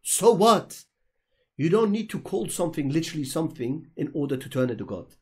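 Slightly rough and a little high, the man's voice moves briskly with big swings in pitch. He responds to questions on an online voice call during a religious polemic, preaching emphatically and repeating himself to stress points.

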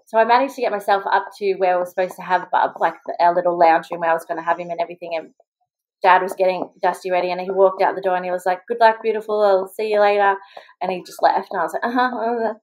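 A woman's voice: lowish voice, level tone, darkish tone, rough recording. A young Australian woman, a mother, chatting as a podcast guest and telling her story with lots of "like" and quoted voices. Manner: chatty, quick, full of "like" and acted-out quotes. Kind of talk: casual storytelling in an interview.

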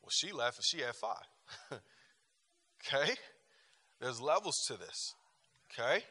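A man's voice: medium pitch, very animated, slow pace, pushed and bright, husky, big-room sound. A man teaching a church relationship class, telling personal stories in an emphatic way and often repeating himself. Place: church meeting room.

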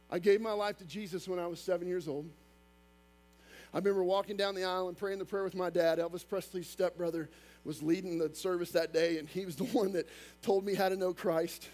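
A male pastor preaching a sermon, talking fast and emphatic, with casual asides to the congregation. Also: high voice, steady tone, darkish tone.

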